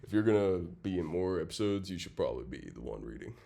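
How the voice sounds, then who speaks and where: A man's voice: low-pitched, very animated, fast talker, vocal fry, heavy background noise. A man co-hosting a casual podcast, reading a script aloud, stumbling over words, laughing often and swearing casually. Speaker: podcast co-host.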